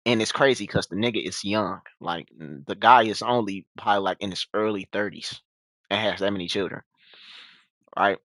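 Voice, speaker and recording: Young man telling a slangy, animated story. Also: normal speed, no room sound. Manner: animated, slangy, acts out quotes in a high voice. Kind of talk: casual storytelling monologue.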